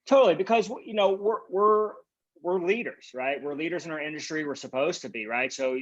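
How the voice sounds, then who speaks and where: A man's voice: fairly high pitch, brisk. Agency founder guest, male, emphatic and confident, contrarian edge, muffled lo-fi audio. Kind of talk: casual interview conversation.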